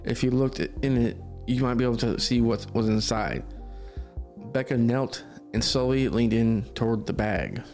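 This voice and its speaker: A man's voice: mid-range voice, normal speed, a little mellow, soft background music. A man narrating a spooky story for a podcast, reading steadily with small stumbles.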